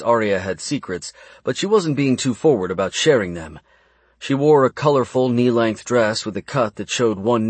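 Low, husky male audiobook narrator. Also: dry recording.

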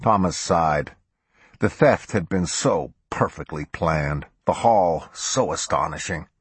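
A man narrating a crime novel as an audiobook in a steady, measured way. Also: sits low, husky, no room sound. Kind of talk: scripted narration.

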